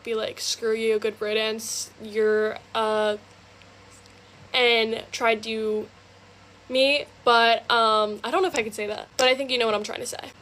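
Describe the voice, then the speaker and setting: A woman's voice: on the high side, a bit bright. A young woman in her student years telling a personal storytime, rambling with lots of fillers. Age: young adult. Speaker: TikTok storyteller. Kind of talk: casual storytime confession.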